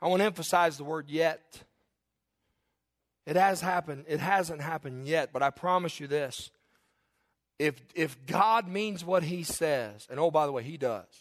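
A high-pitched male preacher delivering a sermon. He reads scripture slowly in a lowered voice, then rises loud and high for emphasis. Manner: swings from low measured scripture reading to loud rising emphasis. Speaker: pastor.

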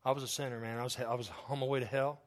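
A man's voice: medium pitch, flat delivery, very fast. A man preaching a fervent sermon in a church sanctuary, as the pastor, with much repetition.

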